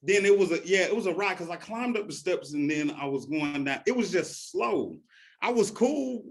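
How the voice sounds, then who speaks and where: A man's voice: sits high, animated, normal speed, vocal fry. A man telling a personal story in a casual way, often laughing and acting out quoted voices.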